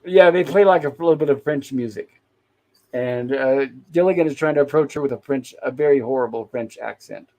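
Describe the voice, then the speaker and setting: A man chats on a casual livestream, recapping scenes from an old sitcom. He slips into the characters' lines now and then as he retells them. His voice sits at a medium pitch. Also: brisk, warm tone. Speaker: podcast host reviewing a classic sitcom.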